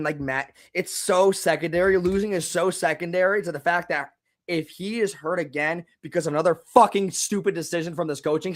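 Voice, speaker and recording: A man reacting live to a football game, swinging from low muttering to angry shouting and repeating words. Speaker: fan reaction streamer.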